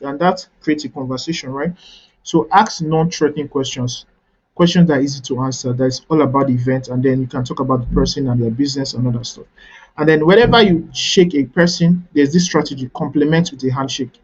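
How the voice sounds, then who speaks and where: A male coach teaching a webinar in an instructive manner, often checking in with "right?" as he repeats his points. His voice sits a little high and has a husky edge. The audio is dull and lo-fi. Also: quick pace. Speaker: networking coach.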